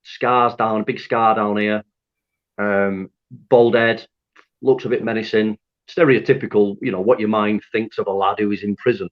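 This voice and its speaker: A man from Lancaster, telling his story to an interviewer in an animated, candid way, swearing freely and laughing at himself. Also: on the low side, moderate pace. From Lancaster, North West England. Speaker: interview guest. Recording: dull lo-fi audio.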